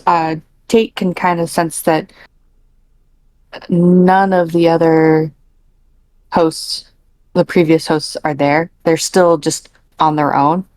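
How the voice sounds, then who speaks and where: A woman's voice: lowish voice, fairly even intonation, takes it slowly, pauses often, darkish tone, no echo. A woman describing a character's inner experience in a tabletop game, thoughtful and hesitant. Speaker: player.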